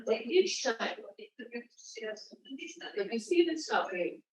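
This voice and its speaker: A woman's voice: fairly high pitch, sing-song, a little mellow, rough recording. A woman panelist speaking earnestly in a panel discussion, quoting authors. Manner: measured, earnest, quotes authors.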